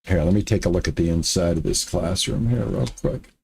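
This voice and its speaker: A man's voice: deep voice, fairly quick, creaky, a little mellow, slight background noise. A man streaming a building game, talking to his viewers and himself, muttering and repeating lines when things go wrong. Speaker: gaming streamer. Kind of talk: casual let's-play commentary.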